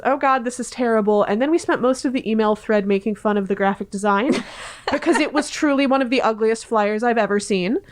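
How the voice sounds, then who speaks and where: A woman librarian chatting on a podcast, animated and dramatic, often laughing as she tells stories. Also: on the high side. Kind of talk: casual podcast chat.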